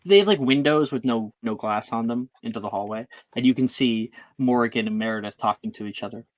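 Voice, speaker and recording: Game master, mid pitch, filler-heavy, casual narration. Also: brisk, no echo. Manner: rambling, many fillers.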